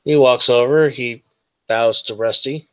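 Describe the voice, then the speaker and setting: Man, game master, tabletop narration, slow, halting, dry sound. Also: medium pitch, steady tone, clean tone, no echo. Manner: slow, hesitant narration with many ums.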